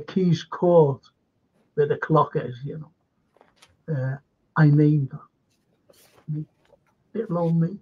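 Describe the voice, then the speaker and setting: A man hosts a live stream, reading viewer comments aloud and wandering into casual stories. His voice sits high and he takes his time. The audio comes through dull and lo-fi over a video call. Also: a little mellow. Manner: reads comments aloud and chuckles at them. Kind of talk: rambling casual chat and anecdotes.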